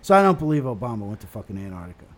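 A man in a casual podcast chat, talking about conspiracies with lots of swearing and halting restarts. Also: fairly low pitch, very animated.

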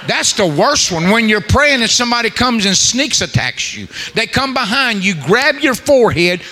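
Joking male preacher, high tense voice, colloquial storyteller delivering a sermon. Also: bright, forceful tone, in a large hall, a little hiss or hum. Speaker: guest preacher. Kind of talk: humorous sermon.

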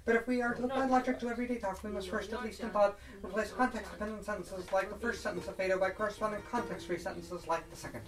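A woman reading a logic text aloud in deliberate, drawn-out phrases during an improvised performance. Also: mid-range voice, steady tone. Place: performance space. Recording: roomy live recording from far off. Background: loud improvised guitar music.

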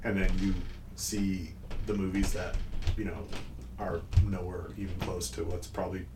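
A man's voice: deep voice, flat delivery, normal speed, warm tone, a little hiss or hum. A man co-hosting a casual podcast chat, reflective and easily amused. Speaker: podcast co-host. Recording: roomy, distant from the mic.

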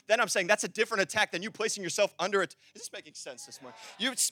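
Young male pastor, very high, bright voice, chatty sermon that builds to fervent exhortation, dry close sound. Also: dry recording. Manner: conversational preaching with acted-out dialogue, building to fervent exhortation.

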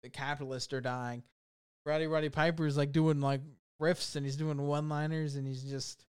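Young male podcast co-host, slightly higher voice, smooth and clear, laughing through scene recaps. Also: moderate pace. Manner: laughing, animated retelling of film scenes. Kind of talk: casual podcast chat.

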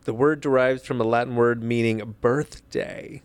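A man's voice: medium pitch, steady tone, a little slow, clear, resonant tone, dry recording. A man co-hosting a podcast in casual chat, teasing his partner with a dry wit. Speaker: podcast co-host.

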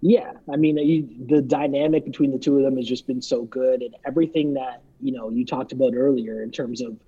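A man's voice: mid-range voice, fairly even intonation, fairly quick, mellow, husky. A man co-hosting a podcast, chatting casually about a reality show in a loose, filler-heavy way. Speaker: podcast co-host. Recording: dull lo-fi sound.

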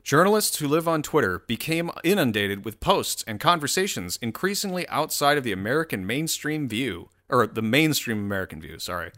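A man's voice: mid-range voice, very animated, fairly quick, hardly any pauses, bright, forceful tone. A man giving casual, profane commentary while scrolling through posts, rambling and mocking.

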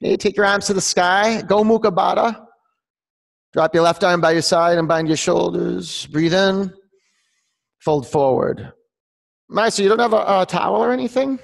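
A man's voice: high voice, normal speed, gravelly, in a large hall. A man teaching a live yoga class, calling out poses and counting breaths, joking with his students by name. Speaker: yoga instructor. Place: yoga studio, large room.

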